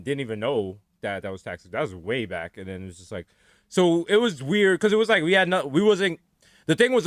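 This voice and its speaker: A middle-aged man, co-hosting a podcast from home and spinning absurd tall tales in a deadpan, casual comedic chat. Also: medium pitch, no echo, clean studio sound. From the Bronx, New York. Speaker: podcast co-host.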